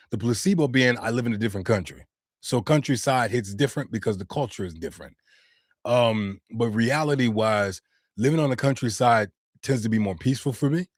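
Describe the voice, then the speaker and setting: A man's voice: lowish voice, dry recording, studio quality. An American man and voice actor chatting casually on a live stream, answering viewer comments with loose slang. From United States. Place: home studio.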